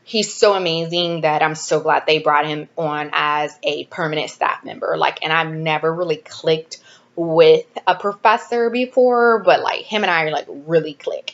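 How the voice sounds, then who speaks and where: A young adult woman telling a story to camera, animated and acting out the people she quotes. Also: low-pitched. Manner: animated, acts out quoted dialogue. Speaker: graduate student vlogger. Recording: dull lo-fi recording.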